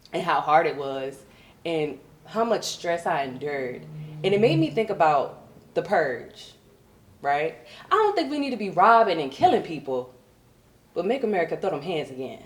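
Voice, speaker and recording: A woman from Virginia with a Southern accent performing a brassy, animated stand-up comedy set. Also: roomy sound. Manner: brassy, animated, puts on high posh voices for coworkers.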